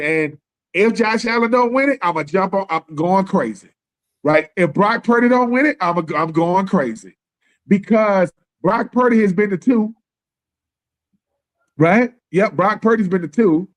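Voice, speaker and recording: A man holds forth on a live sports talk stream, voice pitched high for a man. He talks loose and slangy and keeps slipping into little acted-out bits of other people's lines. The feel is a casual co-host rant. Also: lively intonation, a little slow. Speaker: podcast co-host. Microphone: live stream call.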